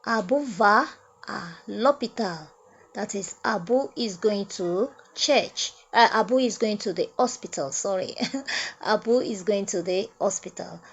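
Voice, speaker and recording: A woman teaching French grammar at a whiteboard, repeating each phrase slowly and explaining step by step. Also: mid-range voice, slightly rough. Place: classroom at a whiteboard. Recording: dull lo-fi sound.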